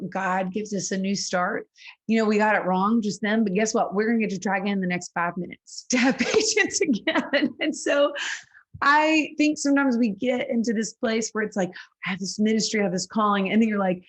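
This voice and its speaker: A woman's voice: mid-range voice, a little fast. A woman songwriter in her thirties talking earnestly in an interview, with frequent laughs and lots of "like". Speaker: singer-songwriter guest. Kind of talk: casual interview conversation.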